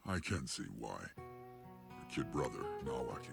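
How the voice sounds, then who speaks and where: A wry, aging ninja sage in an anime dub. The voice is extremely deep and crackles with gravel, and the delivery rises and falls with lively, teasing warmth. Music plays clearly underneath. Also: male voice, a little slow, heavily acted. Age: older. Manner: teasing, reflective. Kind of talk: anime English dub acting.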